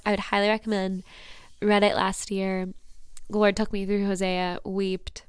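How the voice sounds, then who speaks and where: A woman's voice: medium pitch, little pitch movement, normal speed, clean tone, dry recording, studio quality. A young woman hosting a personal faith podcast, earnest and emotional, often dropping to a whisper. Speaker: podcast host.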